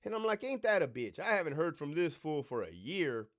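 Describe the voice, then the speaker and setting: Middle-aged male streamer, brash and foul-mouthed, lively voice that swoops up and down, slightly high. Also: fairly quick. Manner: brash, swearing, animated storyteller mimicking others. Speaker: livestream host. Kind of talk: profane live Q&A storytelling.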